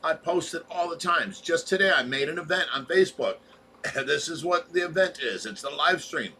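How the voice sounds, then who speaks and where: A man's voice: on the high side, normal speed, pushed and bright, husky. A man co-hosting a casual livestream chat, reading viewer comments and talking in long run-on explanations. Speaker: co-host of a fish rescue livestream.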